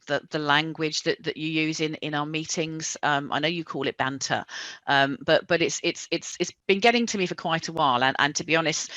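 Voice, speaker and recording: A woman playing an upset female employee who confronts her boss haltingly, with many restarts, on a video call. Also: deep voice, sharp tone, no echo, voice pushed down.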